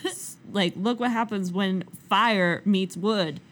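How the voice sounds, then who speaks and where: A man's voice: high-pitched, slow, a bit bright. A woman playing a proud male Victorian engineer who lectures emphatically through a demonstration. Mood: emphatic.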